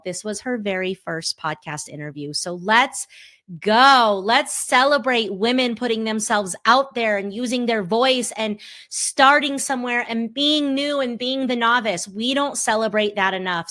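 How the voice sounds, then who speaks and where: Effusive woman podcast host. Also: medium pitch. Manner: warm affirming, effusive. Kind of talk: podcast intro and interview.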